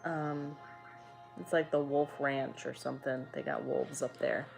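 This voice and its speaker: A woman's voice: rumbling low, steady tone, measured pace, vocal fry, darkish tone, soft background music. A young woman streaming from home, chatting casually with her viewers, swearing freely and answering their comments. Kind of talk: casual chat.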